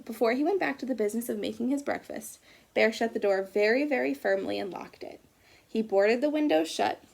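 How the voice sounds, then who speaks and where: A woman teacher reading a picture book aloud to children, gently pausing to ask them questions about the story. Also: on the high side, creaky. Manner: gentle, asks children questions as she reads.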